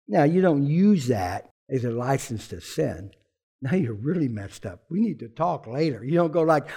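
A male pastor gives a loose, conversational sermon in a fairly high voice with a rough, gravelly edge. He is emphatic and informal, and at times he sinks into a quiet, heartfelt hush. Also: expressive, moderate pace. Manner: informal and emphatic, drops to a hushed, emotional tone.

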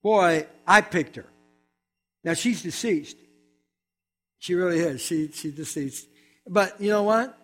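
This is an older man delivering a sermon as a personal testimony, with a notably high voice for a man. His manner is animated and humorous, full of quick asides. Faint music plays in the background. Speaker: preacher.

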